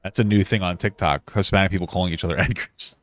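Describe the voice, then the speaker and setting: Low-voiced man reacting on a dry mic. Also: fairly even intonation, fast, fairly bright tone, no echo. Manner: laughs often, shocked and exclaiming. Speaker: stream co-host reacting. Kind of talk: live reaction commentary.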